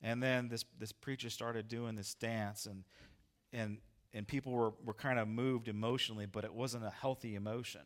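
A male pastor telling a story in a sermon, animated and acting out his own lines loudly. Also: mid-range voice, normal speed.

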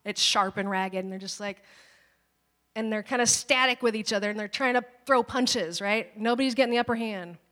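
Female pastor, 30s, fairly high voice, animated and chatty, acts out quoted voices, long church-hall reverb. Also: normal speed. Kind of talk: sermon with personal stories.

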